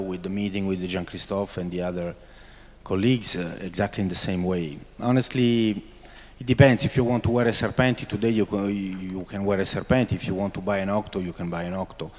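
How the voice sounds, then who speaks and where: A man with a lowish voice speaks earnestly in English. He keeps saying "honestly" as he explains his design ideas. His voice carries a long reverb in a large room. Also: darkish tone. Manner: earnest, repeats "honestly", non-native phrasing. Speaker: watch designer. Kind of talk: press conference answers.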